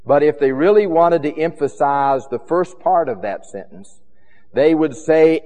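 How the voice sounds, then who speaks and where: A man preaching a sermon with emphatic, rhythmic repetition, his loudness rising and falling widely. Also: on the high side, animated, measured pace, in a large hall.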